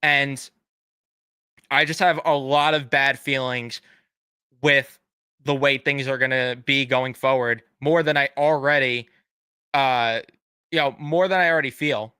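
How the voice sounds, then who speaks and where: A man's voice: mid-range voice, fairly even intonation, unhurried, long pauses, sharp tone, clear, resonant tone, dry recording. A young man live streaming as a fan, ranting casually with blunt swearing and sarcastic mock apologies.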